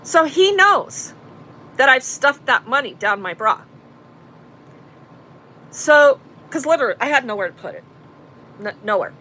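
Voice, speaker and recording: A woman's voice: high voice, animated, a little slow, long pauses, bright, forceful tone, low-quality recording. A woman telling a story in casual talk to her live chat, blunt and profane. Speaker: vlogger recounting an arrest.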